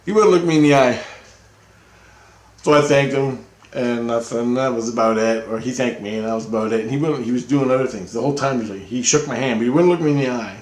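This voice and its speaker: A man tells a rambling story out loud, swearing freely and breaking into laughs along the way. His voice sits at an ordinary middle pitch. The sound bounces around an echoey room. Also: fast. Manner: rambling, profane, laughs often while talking. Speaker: vlogger telling a personal story. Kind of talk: casual storytelling.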